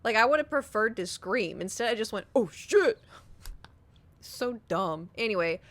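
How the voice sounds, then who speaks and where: A young adult woman streamer telling a story in casual chat with her viewers, animated and giggly, swearing casually. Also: medium pitch, a little fast, no room sound.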